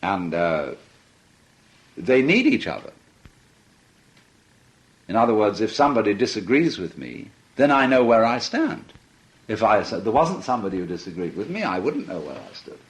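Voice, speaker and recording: A man's voice: lowish voice, very animated, normal speed, pauses often. A man giving a reflective philosophy talk, musing and playful, often laughing as he speaks. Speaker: philosophy lecturer. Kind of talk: reflective archival lecture.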